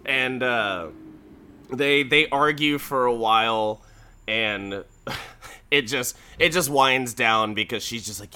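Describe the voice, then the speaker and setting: A man's voice: mid-range voice, slow, sharp tone, clean tone. A man casually recapping a show, rambling and swearing, laughing often and acting out characters' lines. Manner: rambling, profane, laughing, acts out quotes.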